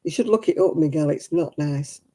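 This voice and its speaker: A woman's voice: low-pitched, moderate pace, mellow. A woman hosting a crafting livestream, chatting frankly and casually with viewers and calling them by name.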